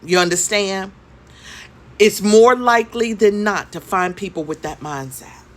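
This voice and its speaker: A woman in her fifties tells a story for a storytime vlog in a mid-range voice at a measured pace. Her delivery is conversational and emphatic, and she often repeats her points.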